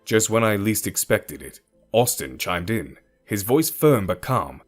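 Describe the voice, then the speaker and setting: A man narrating a first-person romance story in an expressive storytelling manner. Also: fairly low pitch, measured pace. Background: faint music.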